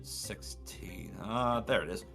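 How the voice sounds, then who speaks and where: A man's voice: fairly low pitch, takes it slowly, creaky, soft background music. A man running a tabletop game as game master, narrating scenes and calling for rolls. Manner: relaxed, with fillers and restarts, reads boxed text.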